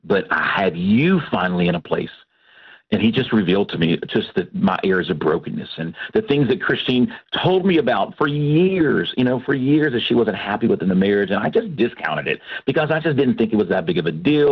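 Pastor guy from texas, low husky voice, lively storytelling, muffled radio audio. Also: fairly quick. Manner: animated storytelling, acts out quoted voices. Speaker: guest, pastor and Christian counselor. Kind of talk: radio interview, personal testimony. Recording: dull lo-fi radio broadcast.

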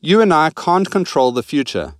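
A man's voice: a little high, lively intonation, moderate pace, no room sound, studio quality. A man hosting a scripted Christian money-advice radio feature, reading with an upbeat delivery.

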